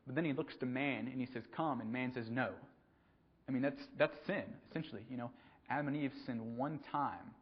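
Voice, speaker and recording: A man preaching a conversational sermon, pausing often with ums and repeating words as he goes. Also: medium pitch. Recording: dull lo-fi recording.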